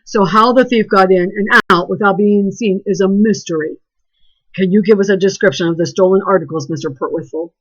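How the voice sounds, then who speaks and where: A woman's voice: mid-range voice, brisk, highs cut off, natural voice. A woman voicing a grave, formal police officer in a storybook read-aloud. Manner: grave, formal, later stammering.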